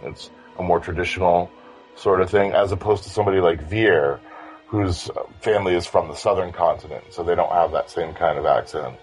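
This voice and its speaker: A man with a low voice talks eagerly in a casual fan discussion. He circles around his points with restarts and filler words, clearly enjoying the subject. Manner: enthusiastic, rambling with many restarts.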